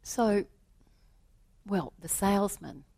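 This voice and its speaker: A woman giving a reflective spiritual talk, telling a story and then drawing its meaning, often asking rhetorical questions and sometimes dropping to a soft aside. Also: mid-range voice, slow, vocal fry. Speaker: spiritual teacher.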